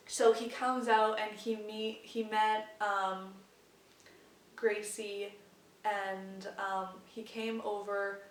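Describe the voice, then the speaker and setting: A young woman vlogger telling a story in a casual, excited way, full of "like" fillers. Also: mid-range voice, a little hiss or hum. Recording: roomy sound from a distance.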